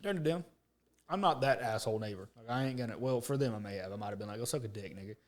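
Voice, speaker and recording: A podcast co-host tells a story in rapid, streetwise, profane chat. His voice sits at an ordinary middle pitch. He slips into the voices of the people in the story as he goes. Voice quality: profane, animated storyteller who acts out quotes.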